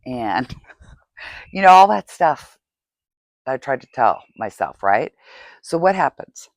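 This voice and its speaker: Slow, candid woman speaking. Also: a bass voice, sing-song, dry recording. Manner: candid, tearful, asks rhetorical "right?". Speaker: podcast host. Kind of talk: confessional monologue.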